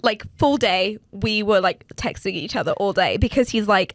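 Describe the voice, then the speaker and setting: A woman's voice: mid-range voice, normal speed, dry recording. A woman co-hosting a casual podcast, telling a story with lots of laughter and acted-out quotes. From Brazil. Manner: animated storyteller, acts out quotes, laughs often. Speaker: podcast co-host. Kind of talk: casual chat.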